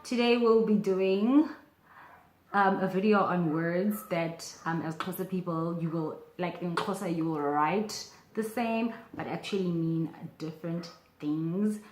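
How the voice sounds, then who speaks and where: A young woman teaching a casual video language lesson, chatty and animated, with bursts of excitement and many fillers. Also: lowish voice, measured pace, echoey room, a little hiss or hum.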